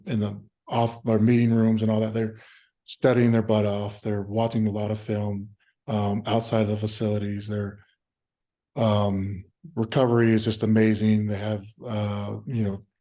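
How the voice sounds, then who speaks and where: A man in his thirties answers interview questions in a fairly low, mellow voice. He talks in an easygoing, halting way, often pausing on filler sounds and restarting his sentences. Now and then he acts out remembered exchanges. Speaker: former pro football player, interview guest.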